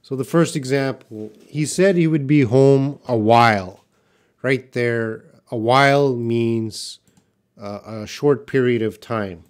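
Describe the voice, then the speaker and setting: A man teaching English live, reading viewers' questions aloud and answering them one by one. He speaks in an unhurried, mid-pitched voice and builds each answer from short example sentences. He stays patient, though he can turn blunt when a comment annoys him.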